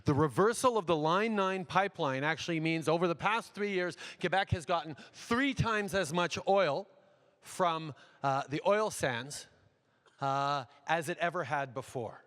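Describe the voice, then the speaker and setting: A man, a politician, answering audience questions at a town hall in a measured way, repeating phrases and using frequent fillers. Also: on the high side, a bit bright. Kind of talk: unscripted public Q&A answers. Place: large university hall. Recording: long echo of a big hall.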